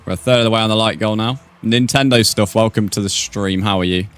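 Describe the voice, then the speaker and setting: A man's voice: fairly low pitch, steady tone, fast talker. A man streaming a game, chatting casually with viewers and calling them "mate". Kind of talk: casual live-stream chat.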